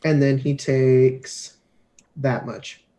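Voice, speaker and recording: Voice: mid-range voice, flat delivery, drawn-out words, background noise. Brash, swearing tabletop player. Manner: brash, swearing, laughing often. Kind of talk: tabletop game chat.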